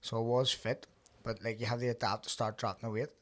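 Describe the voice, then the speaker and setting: A young man hosting a podcast in a relaxed, easygoing way. He's a boxer who drops swear words casually and spins stories from the ring. His voice sits at an ordinary, middling pitch. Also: fast talker. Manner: laid-back, swears freely, tells stories. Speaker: podcast host and pro boxer.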